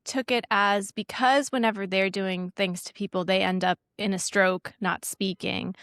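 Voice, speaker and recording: A woman's voice: medium pitch, steady tone, moderate pace, a bit bright, no room sound, studio quality. A woman co-hosting a movie review podcast, chatting casually with a wry, sarcastic edge. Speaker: podcast co-host.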